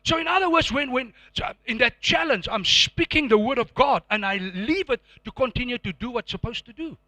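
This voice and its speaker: A man's voice: very high-pitched, expressive, brisk, bright, forceful tone, dry recording. A middle-aged man preaching a sermon to a congregation, emphatic and repetitive, with call-and-response prompts. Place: church before a live congregation.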